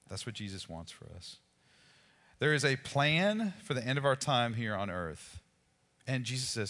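A man preaching a sermon as pastor, in a conversational, animated way with casual asides to the congregation. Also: medium pitch, moderate pace, long reverb tail.

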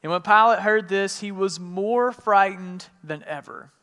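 Male pastor, casual sermon delivery with voiced-out quotes, slightly high voice, big hall reverb. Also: measured pace, clear, resonant tone. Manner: retells scripture in casual paraphrase, with lively voiced quotes.

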